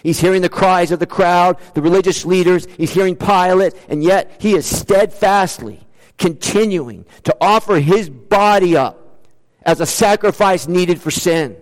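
A male pastor preaching a sermon, full of rhetorical questions, with sudden rises and drops in pitch and loudness. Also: a little slow. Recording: long hall reverb.

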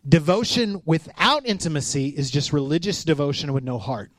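A man in his thirties gives a chatty sermon in a fairly high voice, telling stories and acting out the voices in them. His delivery is animated, and the sound is close and dry. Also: normal speed, no room sound. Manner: storytelling, animated, acts out quotes. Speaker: pastor. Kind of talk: conversational sermon.

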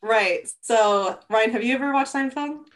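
A young adult woman co-hosting a podcast, explaining things in a relaxed way with "like" and "kinda". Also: a little high, unhurried. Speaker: podcast co-host. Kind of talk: casual chat.

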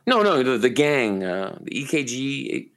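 A man from Maine co-hosting a podcast, telling long rambling, profane stories in a relaxed, casual way. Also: mid-range voice, normal speed. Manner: profane, rambling, laid-back storyteller. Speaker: podcast co-host. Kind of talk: casual storytelling chat.

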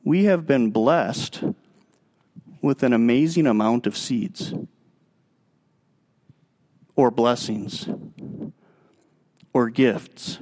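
A man preaching a sermon as pastor, emphatic, moving between raised passages and quiet, drawn-out stretches. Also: medium pitch. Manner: emphatic, swinging between raised and hushed delivery.

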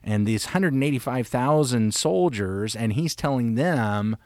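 Animated man discussing scripture, dry sound. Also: mid-range voice, a little slow, no echo. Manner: animated and emphatic, acts out quotations. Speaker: Bible study podcast co-host. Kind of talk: conversational Bible discussion.

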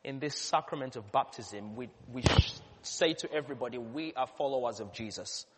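A man, a pastor, delivering a sermon with earnest emphasis that swells to loud peaks. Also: medium pitch, moderate pace, slight background noise. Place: church. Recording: long church reverb.

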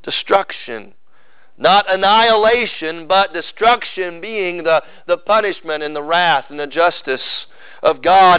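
A pastor with a drawl delivers his sermon in a fairly high, smooth and resonant voice. He swings from ringing emphasis to hushed, drawn-out lines. The sound is dry and a little dull. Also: no echo. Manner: preaching with sudden swings between loud emphasis and hushed intensity.

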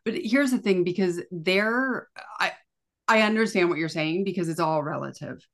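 A woman from Canada, a podcast guest, talking in a casual, animated way full of "like" fillers. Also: on the low side, normal speed. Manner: animated, chatty, lots of fillers like "like". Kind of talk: casual conversational interview.

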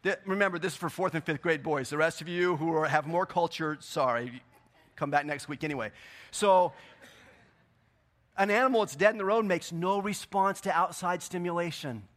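A man preaching a sermon in a church, swinging between loud, emphatic bursts and quieter scripture reading. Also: on the high side, moderate pace. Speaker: pastor. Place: church sanctuary.

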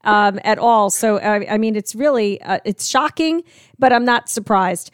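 A woman's voice: mid-range voice, a little slow, no echo. Attentive woman interview host, dry sound. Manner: attentive, many backchannels and fillers. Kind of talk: casual interview.

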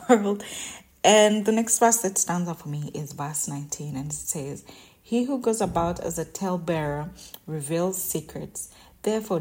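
A shy, soft-spoken woman hosting a devotional Bible-reading podcast, emotional and often laughing as she talks, recording while on vacation. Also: fairly low pitch. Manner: shy, introverted. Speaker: podcast host. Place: vacation lodging.

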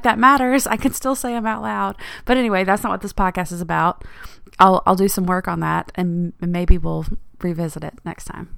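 A woman's voice: mid-range voice, vocal fry, smooth, dry recording, studio quality. A woman hosting her own podcast, talking in a chatty, rambling way and laughing often. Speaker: podcast host. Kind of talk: casual solo podcast monologue.

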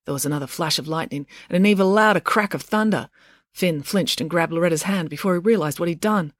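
A woman author narrating a storybook chapter in a calm, expressive reading. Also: fairly low pitch, quick pace, no echo, clean studio sound.

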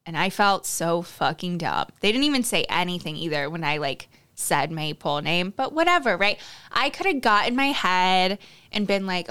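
Smooth-voiced woman podcaster, chatty and candid. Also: medium pitch, animated, normal speed, a bit bright. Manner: chatty, candid, swears freely, many "like" fillers; confiding, addresses listeners directly. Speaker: podcast host. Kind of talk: casual solo podcast storytelling.

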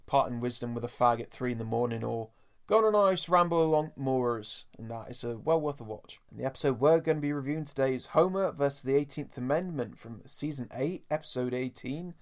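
A man's voice: mid-range voice, a little fast. A man hosting a podcast in casual chat, talking to listeners as folks. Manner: chatty, addresses listeners as folks. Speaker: podcast host.

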